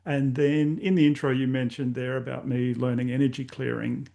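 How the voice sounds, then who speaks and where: Older Australian man, gravelly mid-range voice, candid and rambling storyteller with loose filler words. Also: mid-range voice, flat delivery, moderate pace, mellow. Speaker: podcast host guest. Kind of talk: casual storytelling interview.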